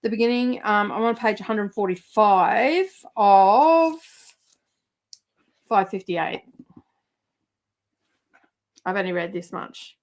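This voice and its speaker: A woman's voice: mid-range voice, slow, pauses often. A middle-aged woman, chatting casually as host of a livestream, rambling with lots of fillers and laughs.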